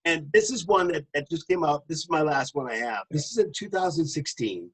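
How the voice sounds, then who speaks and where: Male co-host, a touch high-pitched, chatty storyteller who laughs between restarts. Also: lively intonation, fairly quick, husky, poor audio. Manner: jokingly puts on a booming announcer voice. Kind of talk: casual podcast chat.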